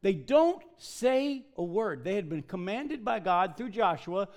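A man preaching a sermon, emphatic and animated, often acting out the people he quotes. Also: high voice, unhurried. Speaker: pastor.

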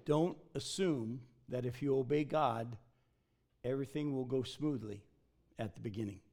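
A man preaching a sermon, emphatic and animated, often acting out the people he quotes. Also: medium pitch, normal speed. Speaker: pastor.

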